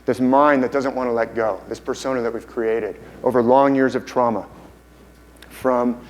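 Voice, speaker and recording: A man's voice: mid-range voice, low-quality recording. A man giving a conference lecture with enthusiasm, often repeating and restarting phrases. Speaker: conference speaker. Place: conference hall.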